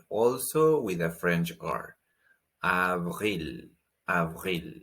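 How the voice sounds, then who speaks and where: In a deep, slightly bright voice and at a slow pace, a man teaches pronunciation. As a patient language teacher, he says each word twice and breaks down the sounds.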